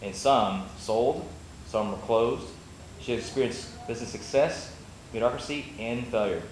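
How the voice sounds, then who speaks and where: A man hosting a meetup, reading a speaker's introduction quickly, stumbling now and then and throwing in jokes. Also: mid-range voice. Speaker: meetup host. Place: meeting room. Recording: echoey room with faint noise.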